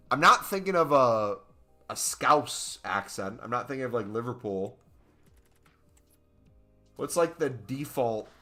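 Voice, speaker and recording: A man's voice: medium pitch, sharp tone. A young American man chatting casually on his gaming live stream, joking and reading out questions from chat. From United States. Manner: chatty, jokey, reads chat aloud.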